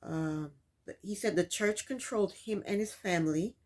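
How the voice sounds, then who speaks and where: A woman's voice: mid-range voice, moderate pace, a little mellow. A woman hosting a casual recap of a reality show, telling the events in her own words and scolding the people in it. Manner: sassy, scolds the people on screen.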